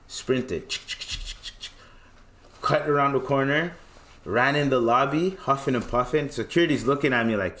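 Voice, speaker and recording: Animated man telling a slangy story. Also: mid-range voice. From Tanzania. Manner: animated, slangy, acts out quoted voices. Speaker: podcast host. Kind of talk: casual storytelling monologue.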